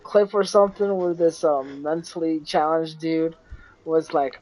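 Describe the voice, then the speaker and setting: A man's voice: fairly high pitch, fairly even intonation, unhurried, darkish tone, no echo, poor audio. A young man in casual chat while gaming, laughing easily and swearing. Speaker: gamer.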